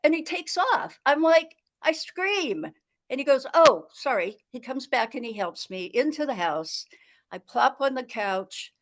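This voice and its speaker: High-voiced woman telling a comic tall tale. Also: expressive, measured pace. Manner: dramatic, exasperated. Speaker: storyteller. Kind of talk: comic tall tale told over a video call.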